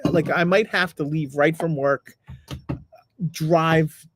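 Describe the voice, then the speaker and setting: A man's voice: a little high, steady tone, takes it slowly, a little hiss or hum. A man co-hosting a podcast in casual chat, easygoing and hesitant, with many fillers. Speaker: podcast co-host. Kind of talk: casual chat, reading comments.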